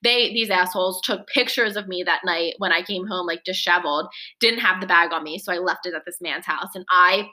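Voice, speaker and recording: A woman's voice: on the low side, brisk, hardly any pauses, bright, forceful tone. A woman in her twenties, a podcast co-host, animatedly retelling a frantic story and acting out the quotes. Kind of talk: casual storytelling chat.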